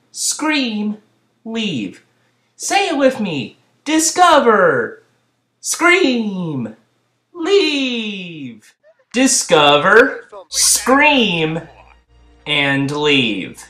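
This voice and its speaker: Sarcastic young man reviewing, lively pitch. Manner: sarcastic, swears, breaks into repeated yelled gags. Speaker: video reviewer. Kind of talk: comedic review commentary. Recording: roomy echo.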